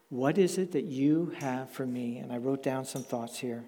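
A pastor delivers his sermon in a warm, mellow voice, measured and emphatic, stretching out the words he wants to land. He speaks from the front of a church sanctuary, and long reverb from the hall trails behind each phrase. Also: medium pitch. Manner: measured, emphatic, slows down to stress key words.

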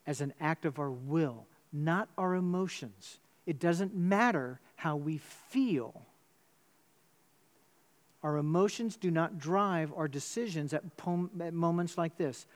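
Man preaching an animated sermon. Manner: animated storytelling with sudden pitch jumps. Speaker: pastor. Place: church.

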